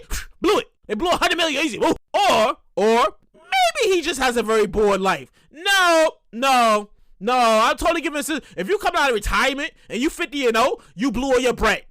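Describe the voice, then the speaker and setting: Male podcast host, high lively voice, bright tone, rambling storyteller who acts out voices. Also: no echo, clean studio sound. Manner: animated storyteller, acts out voices, repeats himself. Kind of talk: casual solo monologue.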